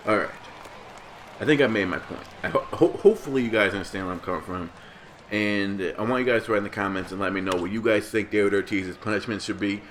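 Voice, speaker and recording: A man's voice: fairly low pitch, quick pace, fairly bright tone, slight background noise. A man ranting in a casual vlog commentary, rambling and heated, with many restarts. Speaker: gaming vlogger.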